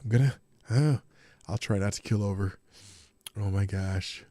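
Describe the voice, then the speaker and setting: A man's voice: fairly low pitch, moderate pace, mellow, no echo, studio quality. A man hosting a podcast, giving casual mocking commentary and often breaking into incredulous laughter. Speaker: podcast host.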